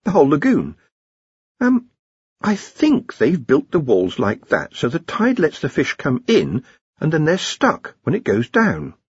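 A man voicing an earnest young male wizard scholar who talks slowly and carefully in a raised voice. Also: fairly high pitch, wildly swooping pitch, slightly rough, dry recording, lo-fi sound, pitched above the performer's own voice, full character voice. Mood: explaining.

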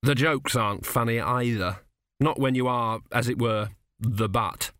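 A man reading a comic novel aloud as an audiobook narrator, in a measured, dry storytelling manner. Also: medium pitch, a bit bright, dry recording.

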